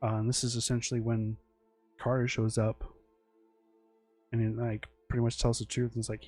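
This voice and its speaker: A man's voice: mid-range voice, monotone, normal speed, pauses often, darkish tone, faint music behind. A man telling a loose, meandering story about his original characters, full of fillers, restarts and swearing. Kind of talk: casual rambling storytelling.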